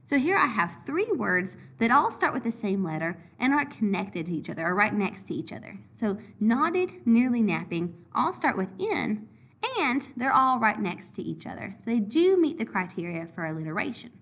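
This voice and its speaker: A woman teacher walking through a lesson in a clear, explanatory way, step by step. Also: medium pitch, big pitch swings, moderate pace, fairly bright tone. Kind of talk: recorded lesson review.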